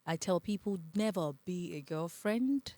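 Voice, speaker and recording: Nigerian woman telling a lively story. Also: on the low side, unhurried, no echo. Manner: animated, acts out quoted voices, laughs often. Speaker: podcast guest. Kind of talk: casual storytelling interview.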